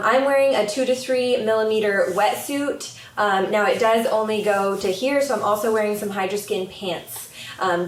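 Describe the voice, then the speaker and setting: A young woman, a paddleboarding instructor, explaining cold-weather gear in a friendly, chatty way with frequent ums, filmed outdoors near the water. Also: mid-range voice. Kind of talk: casual instructional video. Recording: echoey, distant from the camera mic.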